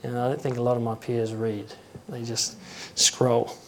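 A man giving an informal sermon in a halting, conversational way, often restarting his words and acting out quotes. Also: mid-range voice, flat delivery, slight background noise. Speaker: preacher.

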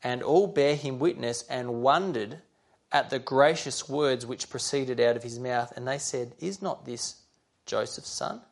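A man's voice: medium pitch, unhurried. A man preaching a sermon, reading scripture aloud and earnestly addressing his listeners directly.

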